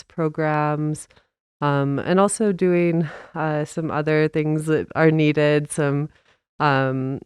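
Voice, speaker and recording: A woman's voice: deep voice, darkish tone, clear, resonant tone, no room sound, clean studio sound. A woman park ranger, a guest on a podcast, explaining her job in a friendly way with a few laughs and fillers.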